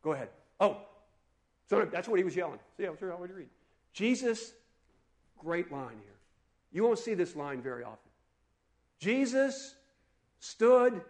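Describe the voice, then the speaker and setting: A man preaching a sermon in an animated, conversational way, asking his listeners questions. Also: fairly high pitch, quick pace. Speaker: pastor.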